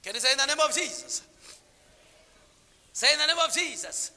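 A man preaching a sermon, calling on the congregation to answer back, dropping to low murmurs and then rising into shouted lines. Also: lively intonation, normal speed, pauses often, in a large hall, a faint crowd.

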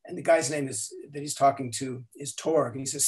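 Older man telling animated stories. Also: mid-range voice, brisk. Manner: animated storyteller, acts out quotes, frequent restarts. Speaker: guest, language inventor. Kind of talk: storytelling interview.

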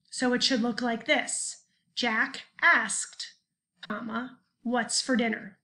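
Bright, high-voiced woman teacher explaining slides. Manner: patient, explains step by step, clears throat often. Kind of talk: recorded classroom lesson over slides.

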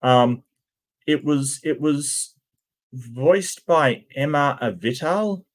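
A man's voice: medium pitch, slow. A man talks through his reactions casually in a mid-range voice, stopping often to stammer, restart and fill the gaps with ums. He sounds unscripted and thinking aloud, like a host chatting to his viewers. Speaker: channel host reacting to cartoon clips.

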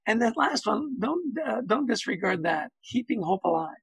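A man's voice: high voice, sing-song, moderate pace, vocal fry, a bit bright, breathy edge, no room sound, low-quality recording. A man speaking as a guest on a video-call webinar, telling anecdotes, acting out quotes and saying "you know" often. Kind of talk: conversational webinar talk.

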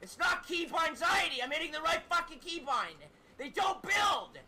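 A man's voice: very high voice, lively intonation, moderate pace, shouting, far from the mic. A man screaming in gaming rage. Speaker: streamer. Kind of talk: raging gameplay clip. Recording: noisy old stream clip.

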